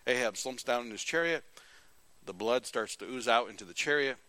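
A male preacher who retells scripture with animated, folksy asides, in a bright and forceful voice. The recording is close and dry, with almost no room sound. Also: mid-range voice, a little fast, no echo. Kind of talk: sermon.

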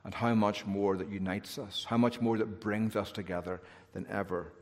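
A man's voice: fairly low pitch, steady tone, normal speed. Earnest male preacher in a reverberant hall. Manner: earnest, swelling to emphatic peaks, then hushed in prayer. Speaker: pastor. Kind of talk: sermon. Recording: long reverb of a large hall.

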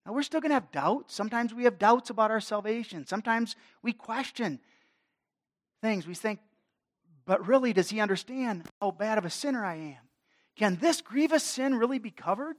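A man's voice: high voice, lively intonation, normal speed. A man preaching a sermon, his delivery swelling and dropping in force. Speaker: pastor.

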